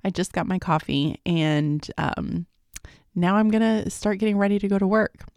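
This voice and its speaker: A woman's voice: medium pitch, flat delivery, moderate pace, vocal fry, a little mellow, no echo, studio quality. A woman in her thirties hosting a podcast, chatting casually about her day, laughing often and calling her listeners "guys.". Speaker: podcast host. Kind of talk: casual video-diary chat.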